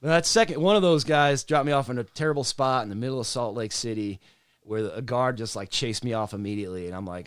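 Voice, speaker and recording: A man's voice: medium pitch, fairly even intonation, fairly quick, clear, resonant tone, dry recording. Laid-back, swearing singer-songwriter man. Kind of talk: casual storytelling.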